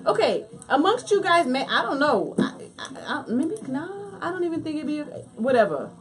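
A woman co-hosting a casual livestream chat, animated and talkative, quick to jump in. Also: sits high, faint music behind. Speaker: co-host.

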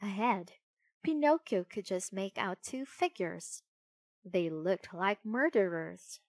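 A woman reading a children's storybook aloud in a clear, deliberate way. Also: mid-range voice, animated, no echo. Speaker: narrator.

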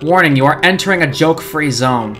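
A man's voice: a little high, expressive, a little fast, fairly bright tone, faint music behind. A man commentating a video game playthrough in a jokey, sarcastic way with sudden yelps. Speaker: let's-play gamer.

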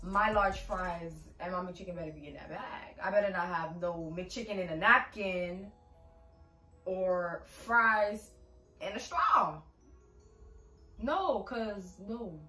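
A woman's voice: fairly low pitch, lively intonation, takes it slowly, bright, forceful tone. A young woman vlogger ranting about her pet peeves in a sassy, emphatic way, full of "like". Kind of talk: casual ranting vlog. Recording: echoey room, far from mic, music behind.

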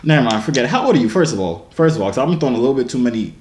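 A man's voice: medium pitch, lively intonation, rapid-fire, roomy sound, heavy background noise. A twenty-year-old man from New Jersey, a YouTuber, boasting and joking in slangy casual banter on a phone video chat.

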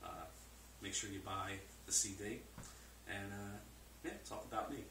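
A man's voice: lowish voice, fairly even intonation, normal speed, pushed and bright, far from the mic, a little hiss or hum. Male musician guest, casual, self-deprecating and laughing, sitting back from the mic in a roomy space. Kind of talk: casual interview chat.

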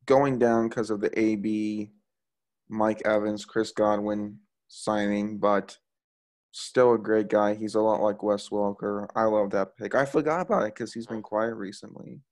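A young man co-hosting a casual sports podcast, enthusiastic and quick to laugh. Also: fairly low pitch, steady tone, a little mellow. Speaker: podcast co-host.

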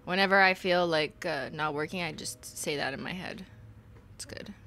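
Bright-voiced woman streamer chatting. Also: lowish voice, normal speed, slight background noise. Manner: chatty, swears freely, giggles, drops into mock voices. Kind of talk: casual live gameplay commentary.

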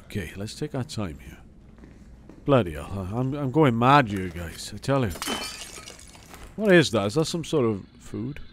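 A man giving gameplay commentary as a let's play host; he is excitable and jokey and swears a lot. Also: medium pitch, moderate pace, pauses often, background noise.

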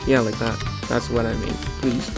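A man giving casual gameplay commentary and voice-over, prone to sudden excited outbursts. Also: medium pitch, creaky. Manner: excitable, quick outbursts of exclamation. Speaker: gaming channel host. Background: background music.

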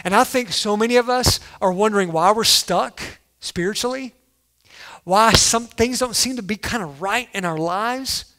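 A man preaching a sermon as pastor, animated, acting out quoted lines and punching key words loudly. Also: sits high, moderate pace. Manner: animated, acts out quotes, sudden loud emphasis.

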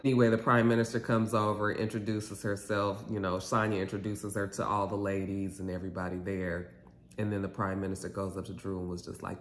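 A man giving a casual, animated recap of a reality TV episode, gossipy and sassy. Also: fairly low pitch, a little fast, reverberant.

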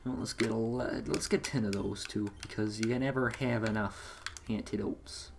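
A man giving casual, profanity-laden commentary while playing a video game, breaking into excitable outbursts. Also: lowish voice, normal speed, gravelly, noisy background. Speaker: let's play gamer.

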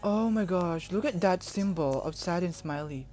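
A young woman from the Philippines talks through a music video reaction, gushing and emotional, exclaiming often. Her voice sits a little low for a woman. Faint music plays behind her. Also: moderate pace, dark tone.

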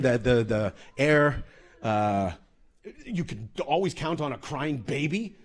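A man from Canada, a comedian giving a comedic storytelling talk in a loose, profane, animated way. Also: medium pitch, slow. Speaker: comedian and speaker.

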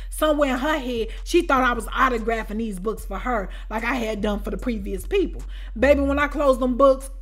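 A woman host telling a storytime tale in an animated way, breaking into shouts and often repeating a conversational tag. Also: a little high. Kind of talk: storytime vlog.

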